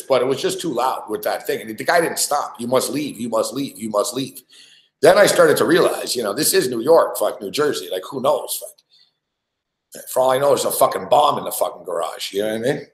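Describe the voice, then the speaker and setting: A man hosting a sports betting stream tells a long story in a loose, profane, rambling way, stumbling over his words and starting sentences again. His voice sits at a middle pitch. The room around him gives it a noticeable echo. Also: expressive, a little fast. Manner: profane, rambling, many restarts. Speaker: sports betting show host. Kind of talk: casual storytelling. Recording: roomy echo.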